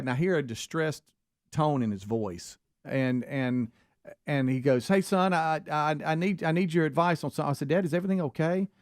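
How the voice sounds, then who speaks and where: Animated storytelling man, dry studio sound. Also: mid-range voice, no echo. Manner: animated storyteller, acts out quoted voices. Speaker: radio show co-host. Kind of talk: casual storytelling chat. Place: radio studio.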